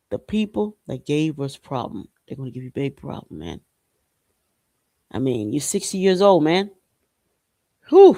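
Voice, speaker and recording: A man from Haiti hosting a podcast, talking in a loose, slangy commentary style and breaking into loud whoops. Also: on the high side, dry recording. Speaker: podcast host. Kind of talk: casual commentary monologue.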